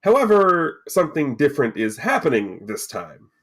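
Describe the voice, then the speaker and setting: A man narrating a tabletop game as game master, setting scenes in a lively, casual way with asides. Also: fairly high pitch, moderate pace, breathy edge.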